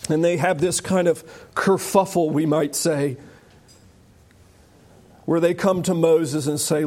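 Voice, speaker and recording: High-voiced, animated preacher man. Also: moderate pace. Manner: animated, jokey, acts out quoted voices. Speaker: pastor. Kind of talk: sermon.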